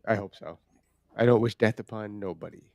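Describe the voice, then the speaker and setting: A man's voice: fairly low pitch, fairly quick, creaky, a little mellow. A man hosting a comedy podcast, talking casually in a rambling, profane way. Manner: rambling, profane, laughing loosely. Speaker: podcast host.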